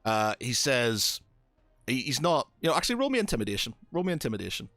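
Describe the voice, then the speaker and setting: A man's voice: medium pitch, very animated, fast, a bit bright, dry recording, faint music behind. A man narrating as game master of a tabletop game, hesitant and full of fillers.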